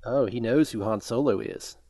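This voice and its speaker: A man's voice: medium pitch, normal speed, warm tone, no echo. A man co-hosting a casual comic review, wry and quoting dialogue aloud. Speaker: podcast co-host. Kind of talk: casual chat.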